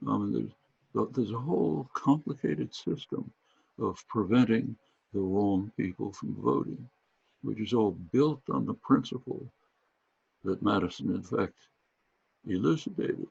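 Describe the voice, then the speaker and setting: A man talking as an interview guest in a halting, measured way, restarting his phrases. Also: on the low side, expressive, gravelly, a little mellow, husky, no room sound. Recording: dull, dry lo-fi recording.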